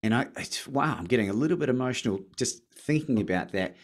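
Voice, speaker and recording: A man from Australia with an Australian accent, a podcast guest telling his story in casual chat, lively and acting out phone calls. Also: mid-range voice, fast talker. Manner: animated, acts out phone calls with rising excitement.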